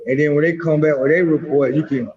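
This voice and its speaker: A man talking as a guest by phone, halting and rambling with many fillers. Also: fairly high pitch, fairly even intonation, darkish tone, a little hiss or hum. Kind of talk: casual talk on a phone line. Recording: dull lo-fi phone call.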